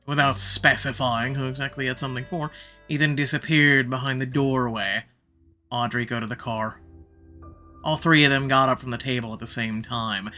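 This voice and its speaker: Guy reading a romance game story out loud, bright forceful voice, soft music underneath. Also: medium pitch, moderate pace. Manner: expressive, varies pace for drama. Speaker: narrator reading a visual novel.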